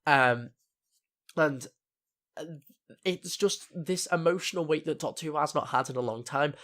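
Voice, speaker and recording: Young male reviewer, slightly high voice, rambling and full of "uh"s, casual vlog delivery. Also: measured pace, a bit bright. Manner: rambling, many fillers and restarts. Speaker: TV review vlogger.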